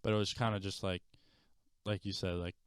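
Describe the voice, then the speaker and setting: Low, smooth-voiced man telling stories. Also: fairly quick, no room sound, clean studio sound. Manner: animated, profane storytelling. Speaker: podcast host. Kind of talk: casual podcast chat.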